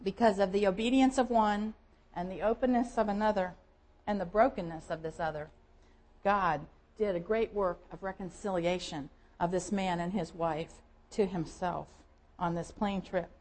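A woman's voice: mid-range voice, moderate pace, rough recording. A woman pastor with a Southern American accent preaching a sermon, telling Bible stories vividly and acting out quoted voices. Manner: storytelling, lively, acts out quoted voices.

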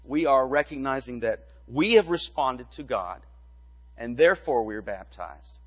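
A man's voice: medium pitch, animated, slightly rough, dull audio. Man preaching in a reverberant church. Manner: measured teaching with rhetorical questions. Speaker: pastor. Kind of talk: sermon.

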